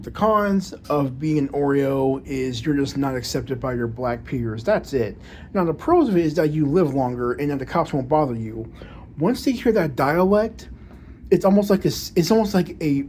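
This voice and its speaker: Proper-spoken man with a higher voice. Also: darkish tone, a little hiss or hum. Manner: proper, careful diction; frequent restarts and repeated words. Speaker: vlogger. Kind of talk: casual monologue to camera.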